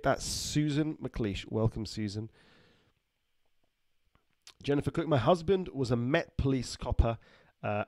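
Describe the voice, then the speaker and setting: A man's voice: mid-range voice, no echo, studio quality. A middle-aged man, a doctor hosting a casual livestream, chatting loosely, laughing often and reading out viewer comments. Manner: chatty, laughs often, slips into joke accents.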